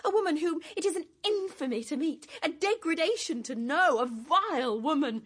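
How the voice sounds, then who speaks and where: A woman's voice: high voice, lively intonation, moderate pace, fairly bright tone. An actress playing a proud, indignant young noblewoman in a stage drama, scornful and later frightened. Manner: scornful, then frightened and tearful.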